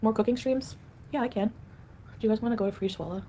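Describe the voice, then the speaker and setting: A woman's voice: a little high, quick pace, dark tone, a little hiss or hum. A woman livestreaming in a casual, rambling way, reading viewer comments aloud and answering them.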